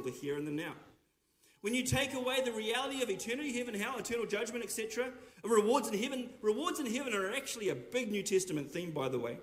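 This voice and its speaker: A man with a high, light voice delivers a sermon. He preaches earnestly and with emphasis. He drives his points home with rhetorical questions.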